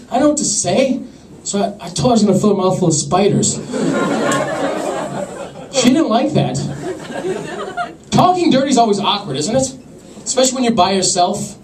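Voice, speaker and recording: A young man doing a stand-up comedy set with an awkward, deadpan, self-deprecating delivery to a laughing crowd. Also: high voice. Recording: echoey club from far off.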